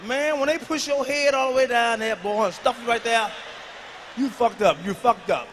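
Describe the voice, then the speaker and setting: A man doing a profane stand-up routine, dropping from mumbled asides to shouted punchlines, in a large live venue. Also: very high-pitched, moderate pace. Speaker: stand-up comedian. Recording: long hall reverb, faint noise.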